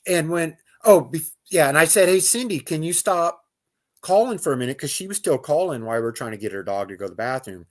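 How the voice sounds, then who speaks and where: A man telling a personal outdoor story as a guest, in loose casual speech with fillers, restarts and imitated animal calls. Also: medium pitch. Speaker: guest recounting an outdoor encounter.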